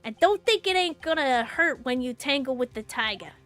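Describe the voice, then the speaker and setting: A woman voicing a menacing, hotheaded male loan-shark thug who talks in rough, ungrammatical street slang. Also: sits high, lively intonation, normal speed, fairly bright tone, faint music behind. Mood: threatening. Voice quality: gruff tough-guy street talk.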